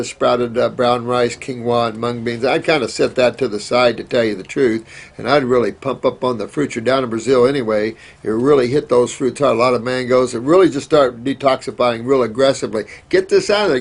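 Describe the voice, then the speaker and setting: A man's voice: mid-range voice, creaky, breathy edge. A man hosting a question-and-answer show, giving casual, rambling advice with many fillers and restarts.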